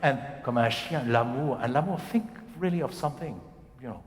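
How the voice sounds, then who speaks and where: A man coaching a singer in a masterclass. His voice sits at an average pitch and carries the long reverb of a concert hall. He explains in animated bursts and keeps acting out the phrasing himself. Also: a little fast, a little hiss or hum. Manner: animated, demonstrating phrases by speaking and singing them.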